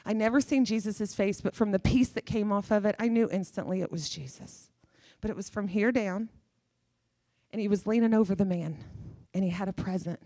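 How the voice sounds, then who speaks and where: A woman's voice: mid-range voice, fairly quick, warm tone, no echo, clean studio sound. A woman guest speaker preaching a sermon in church, emphatic and repeating her key phrases.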